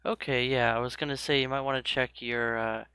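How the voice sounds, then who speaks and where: A man in his thirties chatting casually on a live game stream, self-mocking and quick to laugh. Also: medium pitch, steady tone, sharp tone, smooth. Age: 30s.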